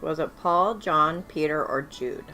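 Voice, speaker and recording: A woman hosting a casual livestream Bible quiz, reading multiple-choice questions slowly and chatting between them. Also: sits low, sharp tone, faint music behind. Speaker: livestream host running a Bible trivia game.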